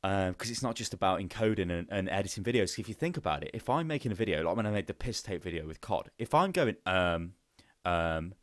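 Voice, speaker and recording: Wearing a headset, a young man hosts a live Q&A, chatting casually in a rambling, profane style packed with fillers. His low voice has lively intonation and a brisk pace, captured in a dry, studio-quality recording.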